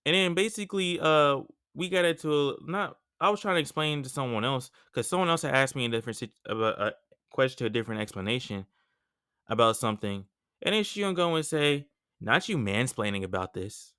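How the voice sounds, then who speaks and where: A young man hosting a podcast, telling a story in a casual, slangy, animated way with lots of asides. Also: fairly high pitch, a little fast, clean tone, no room sound, clean studio sound. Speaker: podcast host.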